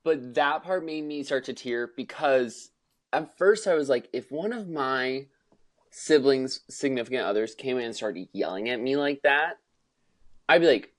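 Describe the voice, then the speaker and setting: A young woman co-hosting a podcast in casual chat, animated, acting out movie lines and swearing casually. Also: rumbling low, normal speed. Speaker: podcast co-host.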